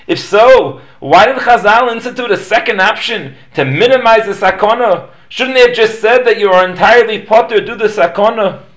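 A man delivers a prepared Torah lecture in a notably high voice. He reads at a measured pace and explains each point carefully, often asking a question before he answers it. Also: fairly bright tone. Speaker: Torah teacher. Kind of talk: read-aloud Torah lecture.

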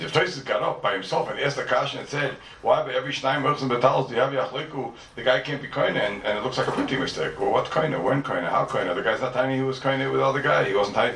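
Fast gravelly man teaching Talmud class. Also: mid-range voice, a bit bright. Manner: rhetorical questions, emphatic repeating of phrases. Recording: echoey room, mic far off, faint noise.

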